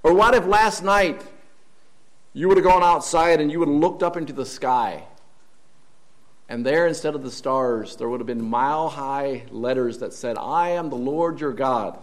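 During a Sunday morning church service, a man with a slightly high voice preaches a sermon. He is earnest but halting, often repeating words and putting questions to the congregation.

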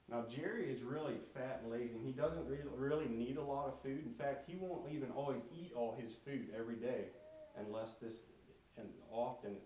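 A man tells children a homespun story with a moral, drawing them in with questions and imitating animal noises along the way. His voice sits at an ordinary middle pitch. He is heard from a distance in a roomy, echoing space. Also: warm tone, slight background noise. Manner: asks the listeners questions and imitates animal sounds. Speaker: storyteller teaching children a lesson.

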